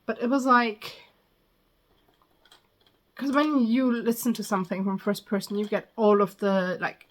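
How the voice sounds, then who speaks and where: A woman's voice: medium pitch, little pitch movement, a little slow. A woman talking casually to camera as she reviews a book, her speech full of ums and likes. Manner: chatty, frequent ums and likes.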